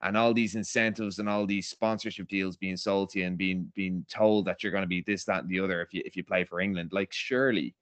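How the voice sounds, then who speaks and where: An Irish man hosting a casual podcast, steering the talk and pressing his points. He has a low voice recorded dry and close to the mic. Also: fairly even intonation, fairly quick, hardly any pauses, fairly bright tone, dry recording. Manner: leading the discussion, pressing points. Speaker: podcast host.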